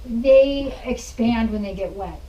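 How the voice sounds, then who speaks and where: A woman dog trainer talks a client through a hands-on lesson with patient, plain explanations, breaking off now and then to coo praise. Her voice is mellow and soft-edged. She sits some distance from the mic, with faint ambience behind her. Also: a little high, takes it slowly, a little hiss or hum.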